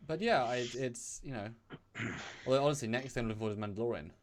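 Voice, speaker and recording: A man's voice: medium pitch, very fast. A British man co-hosting a casual chat show, rambling with many fillers and restarts. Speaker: podcast co-host.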